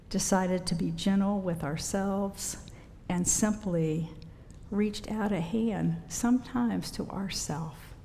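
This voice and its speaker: A woman rector preaching a sermon in a church, gentle and unhurried, with pauses. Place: church sanctuary. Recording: long church reverb, faint rumble.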